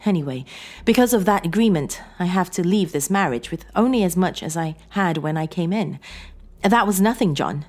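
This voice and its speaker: A woman's voice: fairly low pitch, expressive, moderate pace, a little mellow, voice pushed up. A woman voicing a tearful, pleading wife in a horror story, emotional and shaky. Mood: pleading, hurt. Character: tearful, pleading woman facing her divorce.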